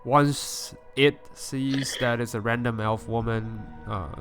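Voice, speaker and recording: A man playing a casual tabletop game, explaining his plans haltingly with fillers. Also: medium pitch, fairly even intonation. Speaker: player.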